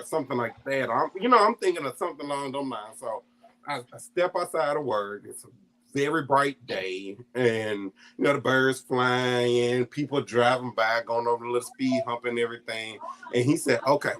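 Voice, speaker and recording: A man shares a personal family story in a relaxed, conversational way, with a voice of ordinary pitch for a man. He laughs often between lines and slips into the voices of his family when he quotes them. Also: normal speed. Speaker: guest storyteller.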